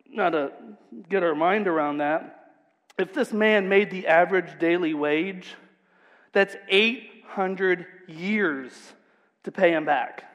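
A man preaching a sermon as pastor, retelling a parable in an emphatic, conversational storytelling way. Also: sits high. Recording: long hall reverb.

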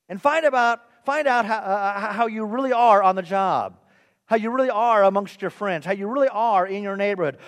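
A man pastor preaching a sermon in a church. He asks his listeners questions and talks to them conversationally, with some self-mocking asides. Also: sits high. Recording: long reverb of a church hall.

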